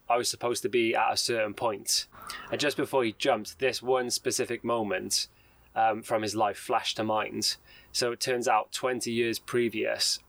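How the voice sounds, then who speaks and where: A man's voice: medium pitch, fairly bright tone, dry recording, rough recording. A man co-hosting a podcast, casually retelling a news story and reading quotes aloud with ums and restarts. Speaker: podcast co-host.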